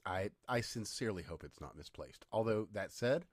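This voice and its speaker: Sardonic rambling man, low voice. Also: animated, normal speed, no room sound, studio quality. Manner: rambling, sardonic, hesitant restarts. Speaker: podcast co-host. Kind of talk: casual chat.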